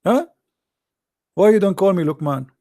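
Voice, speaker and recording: A man's voice: sits high, lively intonation, normal speed, warm tone. A man hosting a live call-in religious debate, talking in a mocking, taunting way. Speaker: call-in show host.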